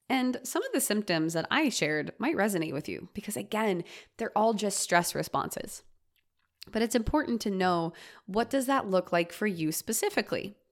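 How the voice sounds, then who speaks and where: A woman's voice: mid-range voice, gravelly. A woman hosting a solo podcast, talking earnestly and reflectively and acting out her own quoted lines. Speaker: host.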